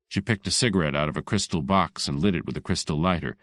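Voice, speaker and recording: Male audiobook reader, very low voice, dry close recording, hardboiled first-person narration. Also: quick pace, few pauses, fairly bright tone, no echo.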